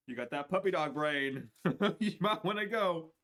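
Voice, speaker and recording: A man giving a spiritual reading on a livestream in a casual, profane way, dropping to low mutters and then bursting out loud and laughing. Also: animated, a little slow. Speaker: spiritual reader.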